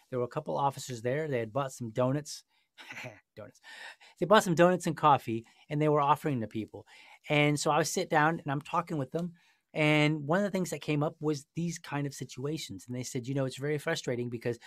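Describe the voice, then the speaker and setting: A man's voice: on the high side, dry recording, clean studio sound. A man hosting a podcast discussion, telling a story in a passionate, sarcastic way. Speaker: podcast host. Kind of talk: casual discussion.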